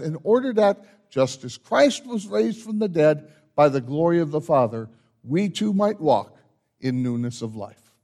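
A pastor, a man, reads the order of confession in a measured, solemn cadence. His voice is fairly high for a man and swings widely up and down. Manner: measured, solemn liturgical delivery with lively rises. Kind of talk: church announcements and liturgy.

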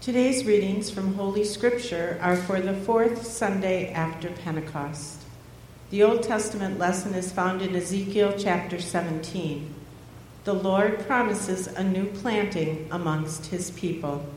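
A woman reading scripture lessons aloud in a measured, formal way in a church. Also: medium pitch, a little mellow, a little hiss or hum. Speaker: scripture reader. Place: church sanctuary. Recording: very echoey hall, heard from far off.

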